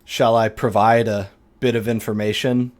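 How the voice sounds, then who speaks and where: A man voicing a courteous older male vampire saint, gracious and formal in a measured way. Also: fairly low pitch, level tone, natural voice.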